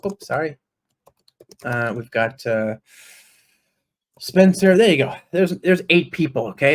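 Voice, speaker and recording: A man giving a live-coding tech talk at a conference, chatty and enthusiastic, often checking in with the audience. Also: a little high. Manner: chatty, frequent tag questions. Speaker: conference speaker.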